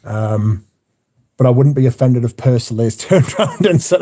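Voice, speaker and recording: A man's voice: mid-range voice, normal speed, dark tone. A man hosting a livestream, chatting casually and reading out viewer comments in a rambling, plain-spoken way. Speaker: livestream host.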